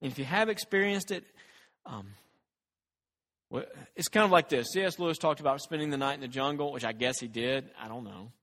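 A man's voice: medium pitch, brisk, fairly bright tone, big-room sound. A man preaching a conversational sermon as a pastor, with fillers and restarts and rising intensity on quoted scripture.

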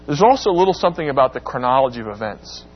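A man's voice: very animated, rapid-fire, faint music behind. A man teaching a Bible class, asking the class questions and acting out the quoted lines in a dramatic voice. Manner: questions the class and acts out quotes with rising pitch. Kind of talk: interactive Bible class lecture. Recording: dull lo-fi recording with faint hum.

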